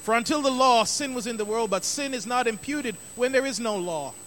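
Bright high-voiced male preacher. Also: brisk, slight background noise. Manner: emphatic, repeats key phrases for stress. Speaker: pastor. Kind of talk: sermon.

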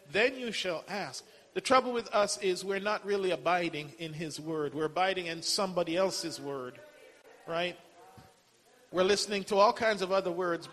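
A man's voice: high-pitched, pushed and bright. A man preaching a sermon, emphatic, quoting scripture and punctuating with amen. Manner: emphatic, repeats phrases and says amen often; quotes scripture in old-style wording. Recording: long hall reverb.

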